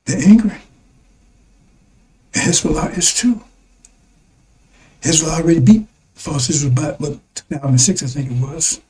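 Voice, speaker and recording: A man with a high-pitched but dark, mellow voice delivers a rambling broadcast sermon. He talks emphatically, stumbling over and repeating words as he presses his point to his listeners. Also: moderate pace, long pauses, poor audio. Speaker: preacher.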